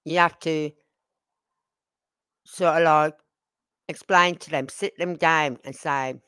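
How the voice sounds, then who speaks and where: A woman's voice: low-pitched, fairly even intonation, slow, sharp tone, clean tone, dry recording. An older woman hosting a casual live stream, rambling through family stories with frequent asides and questions to her viewers. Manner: rambling, talks straight to viewers with tag questions. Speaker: livestream host.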